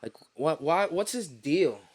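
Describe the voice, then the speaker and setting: A man's voice: fairly high pitch, expressive, measured pace, darkish tone, slightly rough. A man from New York City hosting a podcast, ranting in casual chat with lots of profanity and slang. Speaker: podcast host.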